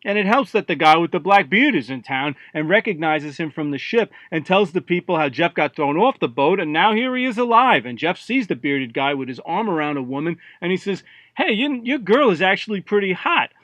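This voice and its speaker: A man reading his own short story aloud in an offhand, deadpan, irreverent way. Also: on the high side, fairly quick, hardly any pauses, no echo. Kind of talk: casual first-person story reading.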